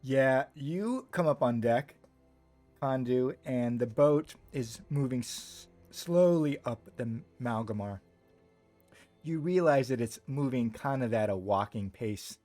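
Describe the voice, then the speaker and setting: A man's voice: medium pitch, expressive, slow pace, a little mellow, no room sound, soft background music. A man as game master, narrating a tabletop role-playing scene in a meandering, descriptive way with many fillers.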